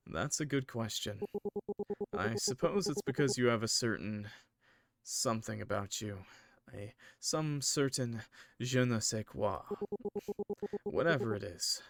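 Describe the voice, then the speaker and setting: Guy playing a smooth creepy-nice neighbor, slow and soft, dry mic. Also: medium pitch, lively intonation, no room sound. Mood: suggestive. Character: smooth mysterious young male neighbor.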